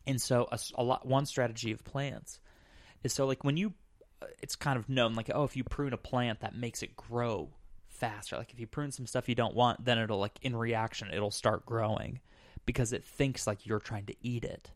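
A man's voice: medium pitch, steady tone, normal speed, no room sound. Male podcast host, mid-range voice, rambling and casual, peppers his talk with fillers; dry, close recording. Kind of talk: casual chat.

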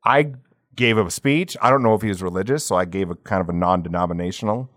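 A man whose voice sits low with a fairly bright tone co-hosts a podcast, telling laugh-filled, profanity-laden stories in casual conversation. He breaks into quick impressions of the people involved, and the sound is dry and clean, straight from a studio.

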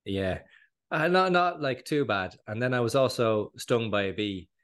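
Irish man, podcast co-host, low-pitched, slightly hoarse, casual rambling chat. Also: moderate pace. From Ireland. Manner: rambling, self-interrupting, laughs often.

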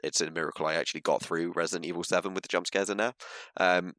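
A man's voice: deep voice, fast talker, no echo. A man co-hosting a podcast, chatting casually about games and mimicking for laughs. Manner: animated, mimics accents for laughs. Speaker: podcast co-host. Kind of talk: casual gaming chat.

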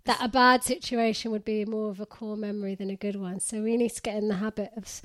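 A woman's voice: medium pitch, level tone, quick pace, a bit bright, no room sound, clean studio sound. Reflective young woman co-host. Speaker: podcast co-host. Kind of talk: casual chat.

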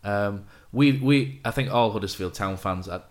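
Male podcast host, lowish voice, deadpan reading, casual chat. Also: moderate pace. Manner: reads commentary in a deadpan voice.

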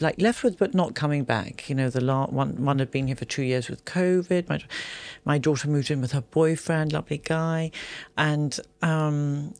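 Deep and a little mellow, this is the voice of a yoga instructor in her fifties being interviewed. The casual chat is open and emotional, full of restarts and phrases that trail off, on a dry recording.

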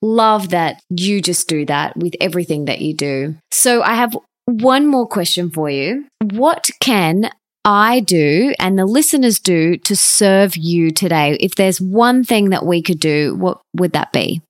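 A woman hosting a podcast interview, talking warmly and enthusiastically. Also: lowish voice, expressive, a little slow. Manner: enthusiastic, gushing with gratitude. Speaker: podcast host. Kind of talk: casual interview chat.

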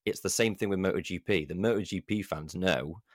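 A man's voice: low voice, fairly quick, no echo, clean studio sound. A British man in casual podcast chat, blunt and rambling, swearing freely and mimicking other people's voices. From United Kingdom.

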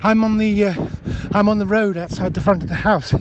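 A man's voice: sits high, steady tone, fairly quick, highs cut off, background noise. A man leaving rambling voicemails, hesitant and stammering, full of ums. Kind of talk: improvised comedy voicemail.

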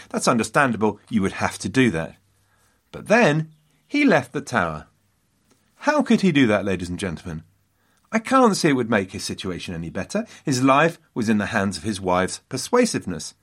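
A man narrating history with a low voice that swoops lively up and down. He tells the story dramatically. He breaks off for wry asides to his audience. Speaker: history podcast host.

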